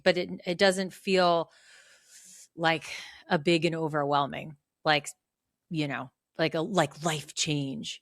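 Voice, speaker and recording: A woman chatting casually with friends, reflective and halting, acting out quotes in a raised voice. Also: deep voice, dry recording, clean studio sound. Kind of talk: casual chat among friends.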